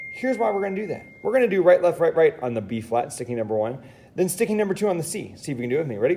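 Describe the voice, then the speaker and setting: An upbeat man leads a children's percussion lesson, his voice bouncing around with lively pitch. He sits a little higher than most men and keeps things playful as he counts along with his students. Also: rapid-fire, heavy background noise. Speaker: music teacher. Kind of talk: friendly instructional lesson for kids.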